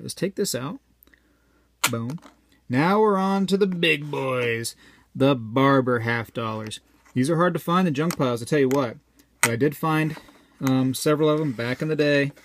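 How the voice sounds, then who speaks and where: A man's voice: mid-range voice, slight background noise. A man chatting casually to viewers while weighing coins, rambling and joking as he goes. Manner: rambling, jokey, talks to viewers directly. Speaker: coin collector vlogger.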